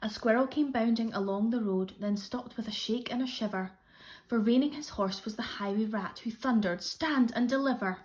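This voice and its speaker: Expressive Scottish woman teacher reading. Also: fairly high pitch, moderate pace. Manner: expressive rhythmic read-aloud. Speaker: primary school teacher. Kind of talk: children's storybook reading.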